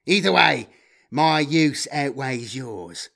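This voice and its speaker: A man's voice: medium pitch, animated, slow, vocal fry, bright, forceful tone, exaggerated voice. A man playing a greedy, sardonic human data trader in an audio story. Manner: wheedling, sardonic.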